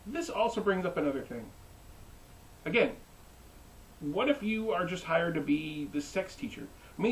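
A young man giving a joking, animated recap as a reviewer. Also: on the high side, gravelly, recorded from a distance, low-quality recording. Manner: animated, joking, mimics characters. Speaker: anime reviewer. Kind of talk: comedic recap.

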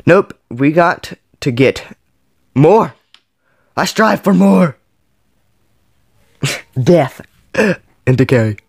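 Dude counting flips out loud in a phone game, voice jumps all over, slow and dry. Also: male voice, on the high side, animated, gravelly, husky, no room sound. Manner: counts flips aloud, yelps and groans at misses. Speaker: gaming channel host. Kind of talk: playing a mobile game while counting aloud.

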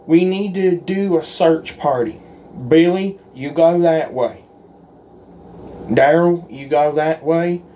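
A man's voice: on the high side, slow, warm tone, slight background noise. A man doing a solo roleplay in a folksy, earnest and pleading way, as if talking to a gang of friends. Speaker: roleplay creator.

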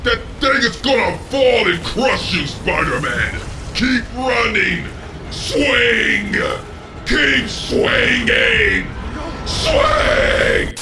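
A man's voice: sits high, big pitch swings, measured pace, hardly any pauses, over music. Man doing Cooler, smug alien tyrant. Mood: frantic shouting. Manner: smug, taunting, crude trash talk. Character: arrogant male alien space tyrant, smug and boastful. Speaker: gameplay parody voice actor. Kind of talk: comedic gameplay parody voice acting.

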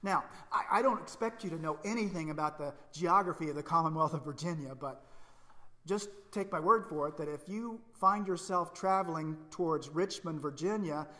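Bright-voiced pastor in a reverberant church. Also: male voice, fairly high pitch, moderate pace. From Indiana. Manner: storytelling, self-deprecating humor, then soft and earnest. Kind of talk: sermon. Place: church sanctuary.

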